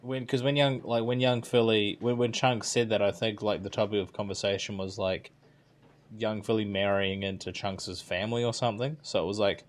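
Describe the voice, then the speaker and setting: A man's voice: fairly low pitch, steady tone, normal speed. A man co-hosting a podcast in casual chat, hesitant and restarting his sentences. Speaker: podcast co-host.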